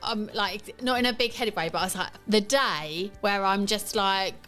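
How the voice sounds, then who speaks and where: A woman's voice: mid-range voice, normal speed, fairly bright tone, faint music behind. A woman co-hosting a podcast in casual chat, giggly and enthusiastic. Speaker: podcast co-host.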